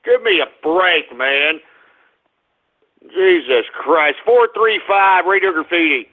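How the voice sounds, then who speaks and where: A man hosting a call-in radio show, blustering, shouting and taunting his callers. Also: fairly high pitch, takes it slowly. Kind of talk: ranting call-in radio talk. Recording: phone-quality lo-fi broadcast audio.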